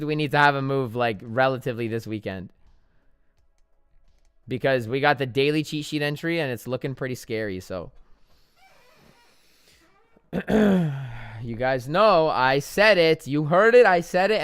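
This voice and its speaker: A man's voice: medium pitch, clear, resonant tone, no room sound, studio quality. A young man chatting casually on a live trading stream, joking and making fun of himself as he goes. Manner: chatty, joking, self-deprecating.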